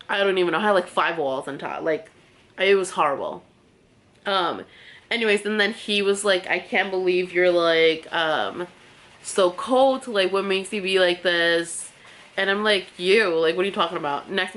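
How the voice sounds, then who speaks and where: A woman's voice: on the low side, fairly bright tone. A young woman vlogger telling a personal story while getting ready, candid and chatty, with lots of "like" fillers. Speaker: beauty vlogger and podcast host. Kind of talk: casual get-ready-with-me story time.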